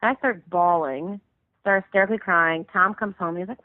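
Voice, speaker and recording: Speaking at a moderate pace in a voice on the low side, this woman in her thirties, a musician guest, tells a long, casual phone story. It's rambling and heavy with fillers, "like" especially. The tinny line is dry, with no room sound.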